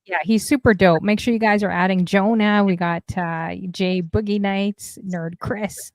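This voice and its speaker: A woman hosting a casual livestream talk show, chatty and friendly with her chat, giving shout-outs as she goes. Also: medium pitch, fairly even intonation, measured pace, no room sound. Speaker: stream talk show host.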